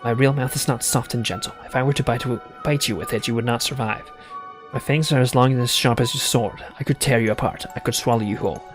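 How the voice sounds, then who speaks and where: A man voicing a dragon in a frail human body, speaking stiffly and coldly in a quiet, formal way. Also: medium pitch, steady tone, quick pace, over music, lightly acted. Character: cold menacing dragon in a frail man's form. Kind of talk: reading a visual novel aloud.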